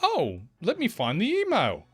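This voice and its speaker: Casting: man putting on a whining, evasive entitled middle-aged woman, squeaky high. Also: wildly swooping pitch, a little slow, slightly rough, faint music behind, full character voice. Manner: whiny, evasive.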